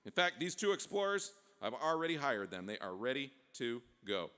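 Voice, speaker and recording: A man's voice: medium pitch, very animated, normal speed, bright, forceful tone, smooth. A man voicing a confident, proud President Thomas Jefferson who speaks in a firm, reassuring way. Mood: assured. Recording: long hall reverb.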